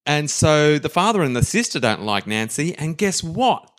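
A man's voice: fairly high pitch, sing-song, normal speed. A man co-hosting a podcast, retelling history in a playful, rambling, jokey way. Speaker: podcast co-host. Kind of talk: casual history chat.

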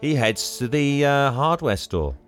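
A man's voice: mid-range voice, animated, measured pace, soft background music. A man hosting a podcast, recapping a film in casual chat and laughing often.

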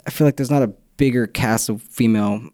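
A man's voice: medium pitch, a little fast, darkish tone, dry recording, studio quality. A young man co-hosting a podcast, talking in a loose, rambling way, laughing often and losing his train of thought. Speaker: podcast co-host. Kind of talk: casual chat.

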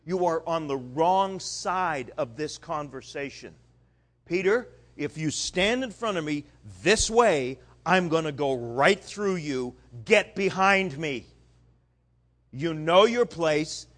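A man's voice: fairly high pitch, lively intonation, slow, fairly bright tone. A man voicing a firm, commanding male teacher who rebukes his friend. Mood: stern. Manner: stern and emphatic.

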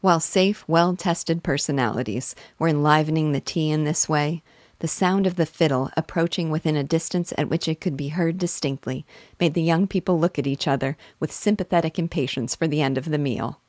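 Woman teacher reading a novel out loud, low voice, dry close sound. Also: no echo. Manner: measured, expressive reading. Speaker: literature teacher.

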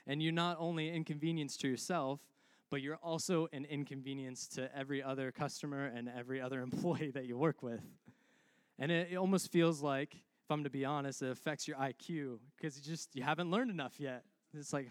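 A man's voice: fairly high pitch, brisk, no room sound, clean studio sound. A young man preaching a sermon as a pastor, conversational and humorous, calling out to his congregation.

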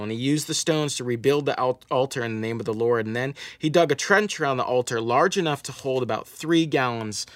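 A pastor preaching a Sunday sermon, retelling a scripture story and reading passages aloud with rising emphasis. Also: male voice, medium pitch, dry recording.

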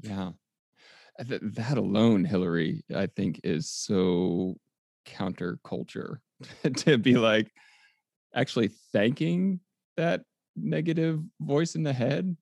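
A middle-aged man hosting a casual conversation, gentle and reflective, affirming his guest. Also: mid-range voice, slow pace, creaky, dry recording.

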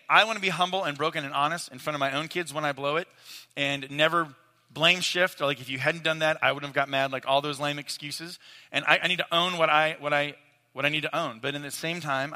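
Bright-voiced man preaching in a reverberant hall. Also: fairly high pitch. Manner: earnest, casual, addresses audience directly. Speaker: father teaching a talk on parenting. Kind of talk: conversational sermon-style teaching.

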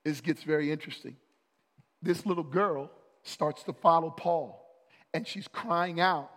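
A high-voiced man delivering a sermon from the pulpit, unhurried and deliberate, building to loud, urgent stretches of emphasis. His voice rings out in a long, echoing church hall. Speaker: pastor.

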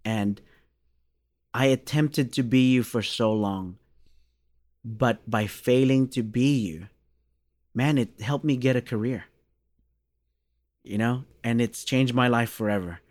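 A man in his thirties from Australia tells a long story in a relaxed interview, a bass player acting out the voices of the people in it. His pitch is mid-range, and the recording is dry and close. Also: slow, pauses often, dry recording. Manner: animated storyteller, acts out quoted dialogue.

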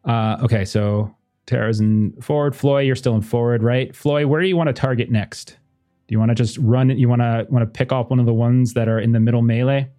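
A man with a mellow, medium-pitched voice speaks fairly quickly and with fairly even intonation. He's running a tabletop game as game master, thinking aloud with lots of fillers and laughing often as he goes. Faint music plays in the background.

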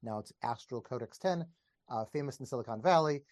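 A man's voice: medium pitch, brisk, dry recording, clean studio sound. A man, a podcast guest and teacher, explaining ideas in casual conversation with enthusiasm, wandering off on tangents and laughing as he talks, recorded over a video call.

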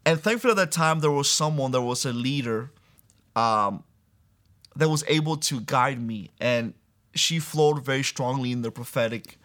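A young man, a guest in an interview, shares a personal faith testimony earnestly and as a story, acting out the voices he quotes and softly laughing now and then. He has a mid-range voice and speaks at a moderate pace.

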